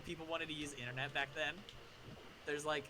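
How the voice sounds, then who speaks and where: A man's voice: fairly high pitch, little pitch movement, a little fast, sharp tone. A man co-hosting a game stream, chatty and jokey, wandering into tangents and fun facts. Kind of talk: casual gaming chat.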